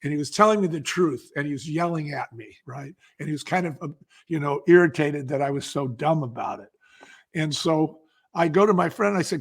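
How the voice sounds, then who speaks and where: A man's voice: fairly high pitch, brisk, slightly rough. A man with a slightly raised voice tells a founder's story as a podcast guest. He acts out the people in his anecdote, shifting into their voices as he goes. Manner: animated anecdote, acting out quoted dialogue. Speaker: guest, wine company founder.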